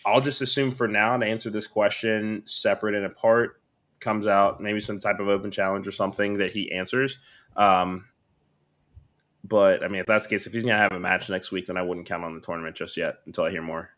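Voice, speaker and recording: A man's voice: lowish voice, fairly even intonation, a little fast, a bit bright. A man co-hosting a podcast, talking through his wrestling opinions in a rambling, casual way with many restarts. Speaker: podcast co-host.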